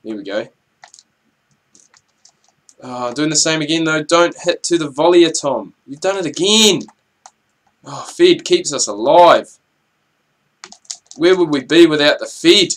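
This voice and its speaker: A young man giving chatty, rambling commentary over his gameplay, with excitable outbursts at the action. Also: fairly high pitch, measured pace, pauses often. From New Zealand. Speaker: gaming channel host.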